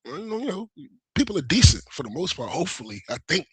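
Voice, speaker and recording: A man chatting as a guest on a livestream, animated, slangy and profane. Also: on the high side, fast talker, breathy edge, no room sound. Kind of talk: casual chat.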